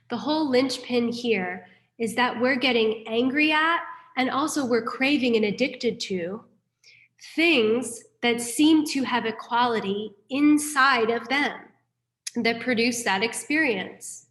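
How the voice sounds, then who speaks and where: A woman's voice: on the high side, slow pace. A woman teaching an online class in a chatty, self-deprecating way, repeating her key points over a video call. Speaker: dharma teacher. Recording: roomy echo.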